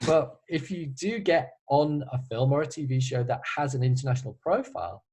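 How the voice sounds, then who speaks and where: A man's voice: mid-range voice, fairly quick, darkish tone, breathy edge, poor audio. A man who is a composer, answering student questions on a video call in a casual, hesitant way, with many restarts and a wry humor. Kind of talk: casual online Q&A.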